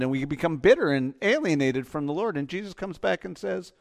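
A man preaching in a high voice, his sermon rising into loud, urgent pleas before dropping to soft, hushed lines. He acts out quoted voices with growing intensity. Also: sing-song, brisk, gravelly, few pauses. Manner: impassioned, swings from loud urging to soft near-whispers. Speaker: pastor.

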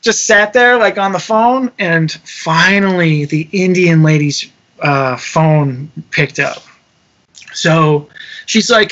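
A young man casually telling a travel story, animated and swearing freely while acting out the quotes. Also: a little high, takes it slowly, muffled recording. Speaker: touring musician telling a story.

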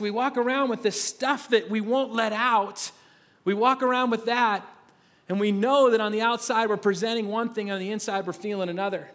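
High-voiced male pastor in a reverberant hall. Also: fairly bright tone. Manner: conversational, self-mocking storytelling with many restarts. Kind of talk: sermon. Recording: long reverb of a large hall.

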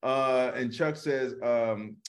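A man co-hosting a casual comedy podcast, talking in an animated, profane way and reading out viewer comments. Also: medium pitch, takes it slowly. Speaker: comedian co-host. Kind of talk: casual live-streamed podcast banter.

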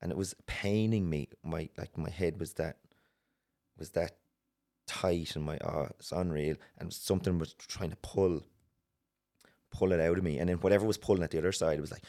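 Very deep-voiced Irish man. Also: steady tone, warm tone. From Ireland. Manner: earnest, halting, with many restarts. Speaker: guest. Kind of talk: personal story in a podcast interview.

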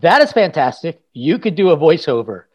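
A lively male priest hosts a casual interview, his voice sitting a bit high for a man. He keeps things upbeat and jokey, tossing in quick asides as he introduces his guest. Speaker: priest and podcast host.

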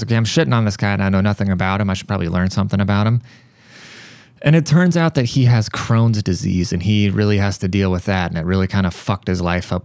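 A man hosting a podcast, telling a rambling story in a casual, profane, animated way. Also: low voice, no echo, studio quality. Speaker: podcast host.

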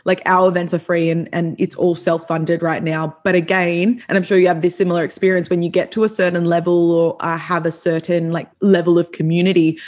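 A woman hosting a podcast, talking in a blunt, emphatic way, swearing freely and saying "like" often. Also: fairly low pitch. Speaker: podcast host. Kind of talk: casual chat.

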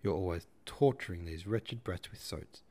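A man's voice: deep voice, normal speed, warm tone. A man voicing a flamboyant middle-aged father who talks in a grand, theatrical and opinionated way in an audiobook reading. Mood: expansive. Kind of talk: audiobook character voice.

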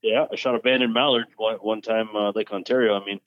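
A man's voice: lowish voice, fairly even intonation, fast, highs cut off. A man chatting casually as a host, mostly giving short reactions and a brief aside. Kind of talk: casual chat.

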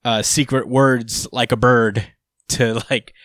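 A man's voice: medium pitch, steady tone, slow, a bit bright, no echo, clean studio sound. Laid-back man swearing through a casual recap. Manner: laid-back, swears freely, laughs often, many fillers.

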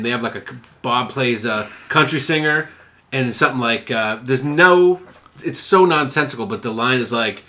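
A man's voice: medium pitch, moderate pace, bright, forceful tone. A man in casual podcast chat, joking around and retelling comedy sketches in silly voices.

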